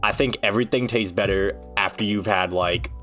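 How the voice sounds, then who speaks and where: A man's voice: lowish voice, normal speed, pushed and bright, soft background music. A man streaming, ranting casually in a rambling, joking, foul-mouthed way. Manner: rambling, profane, joking rants.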